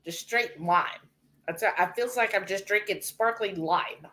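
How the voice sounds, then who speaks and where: A woman's voice: mid-range voice, measured pace, sharp tone. A woman co-hosting a live cooking stream, chatting and reading viewer comments aloud. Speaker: cooking show co-host.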